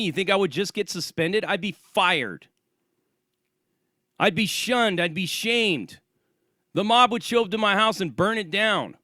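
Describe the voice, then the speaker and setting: A man's voice: sits high, sharp tone, dry recording, clean studio sound. A man hosting his own channel, delivering an angry, profane and sarcastic ranting monologue. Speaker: channel host.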